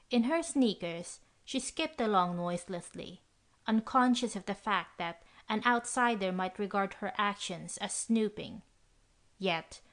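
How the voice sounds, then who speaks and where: A woman narrating a classic mystery audiobook in an even storytelling manner. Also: mid-range voice. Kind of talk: scripted narration.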